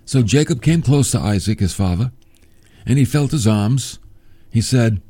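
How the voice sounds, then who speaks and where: A man's voice: medium pitch, expressive, moderate pace, dark tone. A man teaching a Bible lesson in a chatty, joking way, reading scripture aloud and adding his own asides. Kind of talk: casual Bible storytelling.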